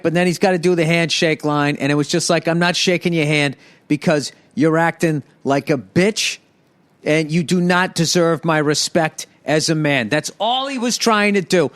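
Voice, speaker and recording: A man hosting a solo podcast, ranting with heavy profanity and sarcasm and stammering restarts when worked up. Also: high-pitched. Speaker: podcast host.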